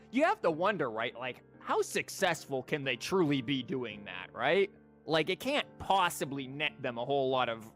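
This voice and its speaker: A man in his thirties chats loosely while streaming a game, mid-pitched and jokey, tripping over fillers and restarts. Game music sits faintly behind his voice. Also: a bit bright. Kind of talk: casual live-stream chat while gaming.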